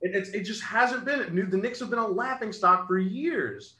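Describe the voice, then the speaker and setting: Earnest sports co-host, man, bright edgy voice, echoey room. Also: high voice, normal speed. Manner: earnest, rattles off stats. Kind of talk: casual sports chat.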